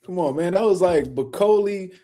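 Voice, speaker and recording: A man's voice: sits high, moderate pace, mellow. A man hosting a casual boxing livestream, talking loosely in slang and speaking to viewers in the chat.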